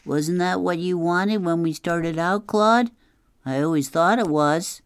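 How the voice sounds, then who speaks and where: Woman playing a practical young boy who coaxes softly; slightly raised pitch, steady pace. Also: a little slow, smooth, no echo, studio quality. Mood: coaxing. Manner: gentle, coaxing.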